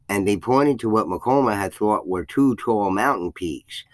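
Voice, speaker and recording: Guy with a lowish voice reading a folk tale, dry close sound, trips on a word now and then. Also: animated, normal speed, hardly any pauses, no echo, rough recording. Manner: reads with archaic phrasing, raises his voice for quoted speech, slips and restarts. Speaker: channel host reading a legend.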